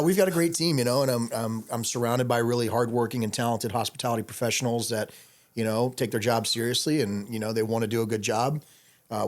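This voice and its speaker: A man, a bartender as a podcast guest, telling stories in a casual, rambling way full of fillers. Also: medium pitch. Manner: fast, rambling, with many fillers. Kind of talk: casual interview storytelling.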